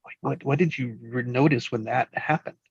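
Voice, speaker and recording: Man asking halting questions, kinda husky, slightly muffled dry audio. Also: medium pitch, dry recording. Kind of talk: casual chat.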